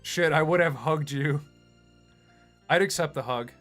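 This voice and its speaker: A man's voice: fairly high pitch, a little slow, fairly bright tone, faint music behind. A man who animates online, chatting casually on a livestream in a rambling, self-deprecating way. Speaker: streamer and animator.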